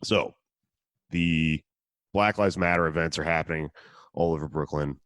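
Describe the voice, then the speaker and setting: A man's voice: a bass voice, normal speed, a bit bright, no echo, studio quality. A man hosting a casual podcast, telling a story in a profane, sardonic way. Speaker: podcast host.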